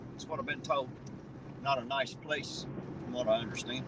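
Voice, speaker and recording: A man's voice: medium pitch, fairly even intonation, moderate pace. A man with a Southern US accent, hosting a casual outdoor chat and telling profane, folksy stories. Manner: folksy and profane, drawling tall tales. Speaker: channel host. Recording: distant mic with noisy outdoor background.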